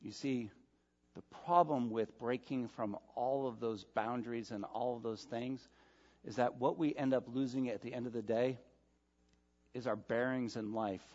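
Man preaching in an echoing hall. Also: medium pitch. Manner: emphatic, swings between loud stresses and quiet asides. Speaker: pastor. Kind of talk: sermon. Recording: dull sound with long hall reverb.

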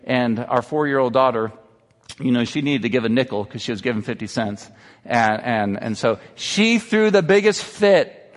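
A man's voice: mid-range voice, expressive, moderate pace. Earnest male pastor preaching in a reverberant hall. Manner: earnest, confessional, building to exhortation. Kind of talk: sermon. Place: church sanctuary.

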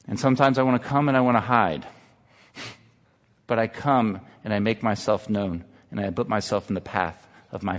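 In a church sanctuary with a big-room sound, a man in his thirties with a fairly low voice preaches. He is a pastor, and his earnest sermon shifts from personal confession to exhortation.

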